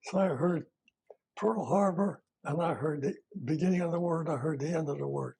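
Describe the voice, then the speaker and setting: Older veteran man, husky, plain-spoken oral history, halting delivery. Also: a little high, darkish tone. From United States. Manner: plain-spoken, halting, with fillers and self-corrections. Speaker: retired army veteran.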